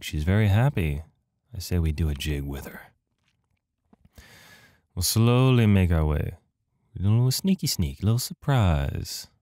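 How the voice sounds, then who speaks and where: A man's voice: low-pitched, mellow, no echo. A man doing let's play commentary on an adventure game, joking at his own expense and reading the game text aloud. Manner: jokey, self-mocking, reads game text aloud. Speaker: gamer playing through an adventure game.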